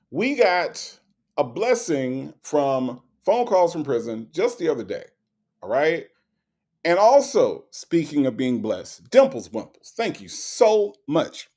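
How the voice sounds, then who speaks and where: A man's voice: fairly high pitch, big pitch swings, unhurried, vocal fry, darkish tone. Chatty man hosting a livestream. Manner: chatty, repetitive, tags lines with okay and all right. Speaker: livestream host. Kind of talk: live-stream chat, reading viewer messages.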